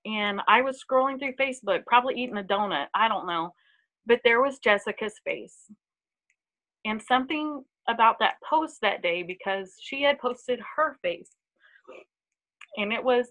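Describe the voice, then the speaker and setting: A woman telling her personal story in a heartfelt, halting way, with many pauses and ums, on a live video. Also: medium pitch, bright, forceful tone, low-quality recording. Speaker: team member sharing a testimonial. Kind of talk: emotional personal testimony.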